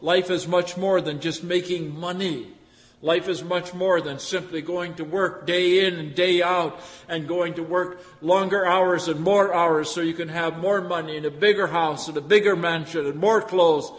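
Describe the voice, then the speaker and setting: A high-voiced man delivers a sermon in a folksy, conversational style, throwing rhetorical questions at his listeners. He speaks at a moderate pace with fairly even intonation, and a long hall reverb makes his words ring out.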